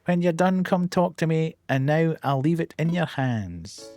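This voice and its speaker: Upbeat male raccoon shopkeeper in a comic accent, done by a man streaming a game, slow delivery. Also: a little high, lively intonation, a little mellow, soft background music, pitched above the performer's own voice. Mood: cheerful. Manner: mock accent, upbeat reading of game dialogue.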